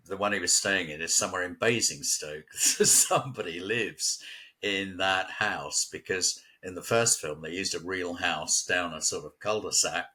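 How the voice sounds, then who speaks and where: A man from England, with a low-pitched, sharp-toned voice, chats casually as a local guest at home near a village. He tells stories and laughs often.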